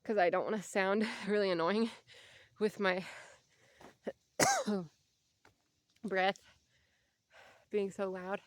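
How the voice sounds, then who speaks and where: A woman's voice: mid-range voice, steady tone, normal speed, dry recording. A young woman vlogging casually while out walking, chatty and rambling, and out of breath. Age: young adult. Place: outdoors on a walk.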